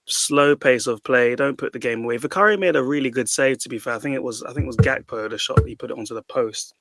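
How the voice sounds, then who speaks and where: A man's voice: mid-range voice, fairly bright tone, no room sound. A man on a football podcast, ranting about his team with lots of swearing and restarts. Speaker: podcast panelist. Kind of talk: casual football debate.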